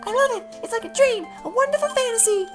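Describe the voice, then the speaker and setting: Squeaky little girl voice, sweet and bubbly, guy doing it for a game, quiet game music behind. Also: fast. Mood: admiring. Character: cheerful little girl spirit medium.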